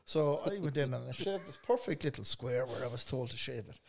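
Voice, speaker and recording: A man's voice: mid-range voice, lively intonation, fairly quick, gravelly, darkish tone, slight background noise. An Irish man co-hosting a podcast, telling a long story full of swearing and laughing through it. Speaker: podcast co-host. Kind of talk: casual pub-style banter.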